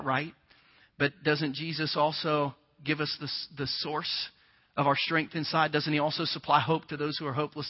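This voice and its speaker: High-voiced pastor preaching in a hall. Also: male voice. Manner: conversational preaching, acts out quick dialogue and surges louder. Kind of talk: sermon. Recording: dull audio with long reverb.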